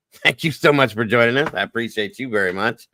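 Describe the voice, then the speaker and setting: A man hosting a livestream, rattling off quick, folksy greetings to viewers by name. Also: mid-range voice, expressive, sharp tone, a little hiss or hum. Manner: fast, folksy greetings with Southern-style phrasing. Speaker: livestream host. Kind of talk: casual livestream shout-outs.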